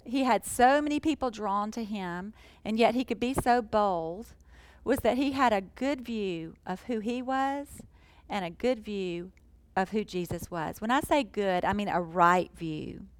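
A woman teaching a sermon in an earnest, emphatic way, slowing down to stress key phrases. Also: mid-range voice, no room sound, low-quality recording. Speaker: Bible teacher.

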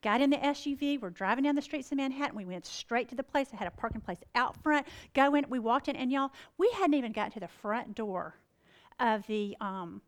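A woman's voice: a little high, fairly quick. A middle-aged woman, telling a faith story in a chatty, exclamatory way and acting out the dialogue. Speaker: Christian speaker. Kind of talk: animated storytelling.

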